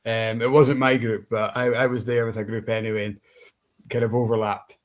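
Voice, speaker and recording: A man's voice: mid-range voice, level tone, normal speed. A man co-hosting a podcast, telling easygoing stories in casual chat. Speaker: co-host.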